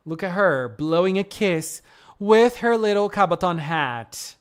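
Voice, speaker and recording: On a live stream, a woman reviewing fan art chats casually in a medium-pitched voice, keeping a measured pace. She gushes effusively and often exclaims, laughs, and gasps.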